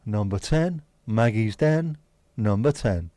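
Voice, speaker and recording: A man putting on the voice of a male bingo caller, calling numbers slowly in a sing-song way. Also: on the low side, expressive, warm tone, no echo. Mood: showy.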